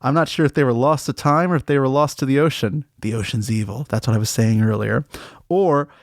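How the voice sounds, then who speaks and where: A man's voice: a little fast, dry recording. A man hosting a comedy show rants with straight-faced indignation. His voice leaps upward when he gets worked up and he stumbles into nervous laughs. The sound is close and dry, with no room around it. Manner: mock-serious rants with sudden pitch jumps and awkward laughs. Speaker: comedy podcast host. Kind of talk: absurdist comic monologue.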